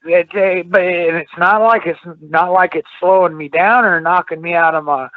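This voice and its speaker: A man's voice: high voice, steady tone, normal speed, dry recording. Rambling storyteller man on a tinny phone. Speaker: guest, former wrestler. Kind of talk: storytelling interview. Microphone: phone call.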